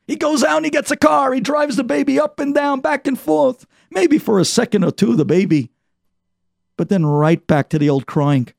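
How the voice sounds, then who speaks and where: A man preaching a sermon as an animated parable, acting out the characters. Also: extremely high pitch, normal speed, gravelly, no room sound, clean studio sound. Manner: animated parable-telling with voices. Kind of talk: storytelling sermon.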